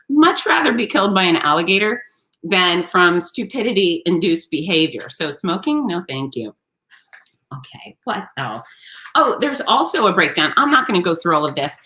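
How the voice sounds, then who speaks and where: A woman hosting a live-streamed talk show, chatting with viewers in an animated, sarcastic way. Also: on the low side. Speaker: host.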